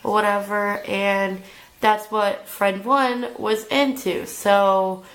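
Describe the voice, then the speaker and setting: Young adult woman, vlogger, slow rambling storyteller, mid pitch, heavy on "like.". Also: steady tone, fairly bright tone, slight background noise, poor audio. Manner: rambling, many filler "like"s. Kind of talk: storytime vlog.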